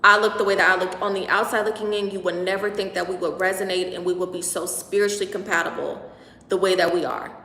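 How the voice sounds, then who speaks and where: A woman's voice: lowish voice, steady tone, quick pace, pushed and bright, slight background noise. A young woman hosting a casual livestream, chatting at length and reading out and answering viewers' comments. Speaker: livestream host. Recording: echoey room with long reverb.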